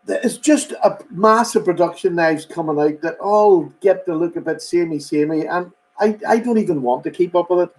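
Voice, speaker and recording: A man's voice: high voice, moderate pace, darkish tone, poor audio. A man hosting a casual live stream, rambling chattily and greeting viewers by name. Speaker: host.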